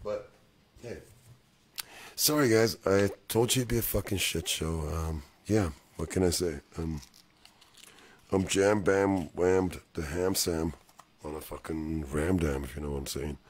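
A man with a very deep voice rambles to his livestream viewers, clearly drunk. He swears constantly and jokes loosely with the chat. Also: measured pace. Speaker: livestream musician.

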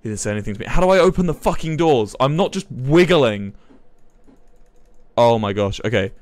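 A young man, commentating a live game stream in a flustered, excitable way, swearing and laughing. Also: mid-range voice, a little fast, no echo. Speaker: livestreamer.

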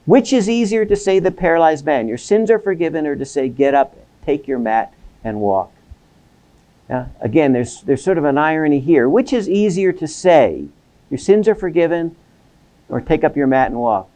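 Seminary lecturer, male, slightly high voice, animated delivery, frequent restarts. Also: normal speed. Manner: animated, acts out quoted voices, repeats words. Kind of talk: academic lecture. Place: lecture hall.

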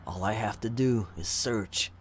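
A man's voice: fairly low pitch, a little slow, slight background noise, close to an everyday voice. Man voicing a giggling old necromancer. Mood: gloating. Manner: chuckling, sly and gloating. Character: giggling old male necromancer prisoner, gleeful.

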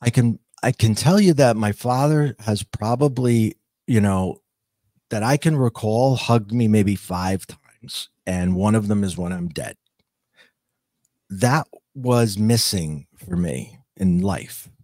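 A man's voice: fairly low pitch, slow pace, mellow, dry recording, clean studio sound. A man telling his own near-death story as a podcast guest, earnest and reflective, stopping and restarting as he searches for words. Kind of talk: personal storytelling.

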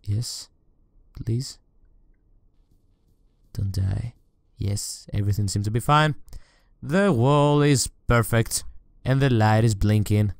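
A man's voice: lowish voice, slow pace, vocal fry, long pauses, darkish tone, no room sound, studio quality. A man playing a horror game on camera, talking to the game and his viewers, often shrieking and swearing when scared. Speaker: let's play gamer.

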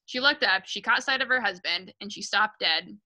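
A woman reading a children's novel aloud for a book club on a video call, lively and correcting herself as she goes. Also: mid-range voice, normal speed, low-quality recording.

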